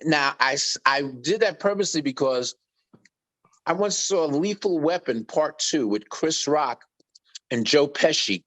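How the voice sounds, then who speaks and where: A middle-aged man, a guest on an interview podcast telling animated stories and acting out quoted voices. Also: on the high side, unhurried. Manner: lively anecdotes, acts out quoted voices. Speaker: guest musician.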